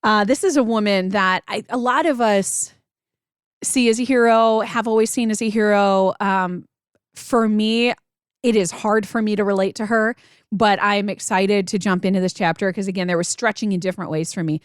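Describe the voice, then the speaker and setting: A woman in her thirties, a podcast co-host, telling a story in a casual faith chat, animated and laughing often. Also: medium pitch, moderate pace, clean tone, no room sound, studio quality.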